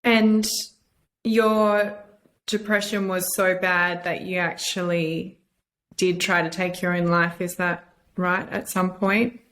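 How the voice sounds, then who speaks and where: A woman hosting a podcast, asking gentle, supportive questions. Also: fairly low pitch, flat delivery, slow. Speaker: podcast host. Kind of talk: sympathetic interviewing.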